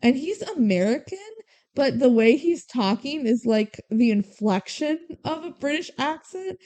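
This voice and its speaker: A young woman co-hosting a movie podcast, her voice a touch high and soft-toned. She chats casually and retells scenes with lively mimicry of each character. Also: unhurried. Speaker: podcast co-host. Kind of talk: casual movie recap chat.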